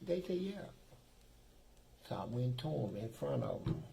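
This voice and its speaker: A man's voice: medium pitch, sing-song, unhurried, creaky, dark tone, low-quality recording. A man from Kentucky telling profane, streetwise stories in casual talk as an interview guest, acting out the dialogue. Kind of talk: casual storytelling.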